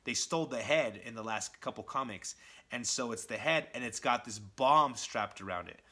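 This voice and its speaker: A man recapping a comic book in a casual vlog, excitable and chatty, with a lot of "like". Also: medium pitch, moderate pace. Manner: excitable, chatty retelling full of "like".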